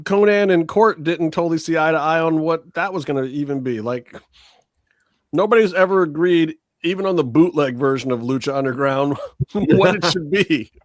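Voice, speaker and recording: High-voiced man in casual banter. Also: normal speed, dry recording. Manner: profane, laughing, does mocking voices of others. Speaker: podcast co-host. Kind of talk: casual chat.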